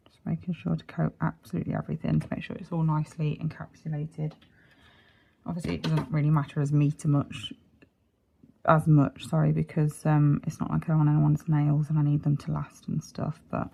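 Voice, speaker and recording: With a deep, warm, monotone voice and vocal fry, a UK woman talks a little fast through a nail art tutorial. She keeps hiccuping, rambling, apologising and cutting herself off to fix what she said. A faint hiss or hum sits in the background.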